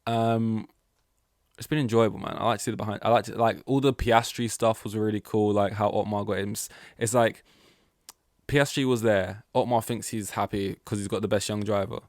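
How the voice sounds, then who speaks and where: Young male podcast host, casual solo chat, slightly low voice, dry close sound, rambling delivery with lots of fillers. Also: steady tone, fairly quick, a little mellow, no room sound. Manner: rambling, chatty, many fillers and restarts.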